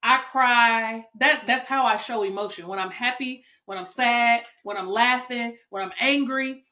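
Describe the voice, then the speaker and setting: A woman's voice: a little high, measured pace, pushed and bright. A woman hosting a podcast, talking candidly and bluntly, with frequent swearing and open emotion. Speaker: podcast host. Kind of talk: candid casual chat.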